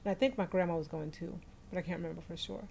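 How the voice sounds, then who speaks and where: A woman's voice: on the low side, steady tone, rapid-fire, gravelly, darkish tone, slight background noise. Chatty woman streaming live from a phone. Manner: chatty, laughs often, greets viewers by name. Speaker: livestream host. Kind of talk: casual livestream chat.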